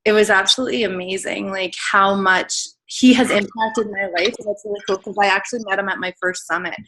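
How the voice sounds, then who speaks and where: A woman's voice: mid-range voice, steady tone, fairly quick, fairly bright tone. A woman in her thirties giving an earnest, emotional personal testimony as a guest speaker on a team call, in casual, filler-heavy speech. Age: 30s.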